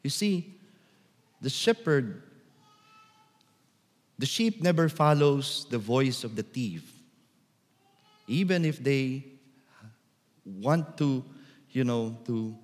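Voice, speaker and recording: A priest delivers a sermon at an unhurried, measured pace. Now and then his voice rises into loud calls. The sound carries a long reverb, as in a large church. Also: medium pitch, animated. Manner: slow and deliberate, calling out loudly to act the shepherd.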